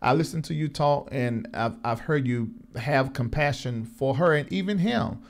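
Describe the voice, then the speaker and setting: A man hosting a talk show, probing his guest with expressive questions. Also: mid-range voice, moderate pace, creaky.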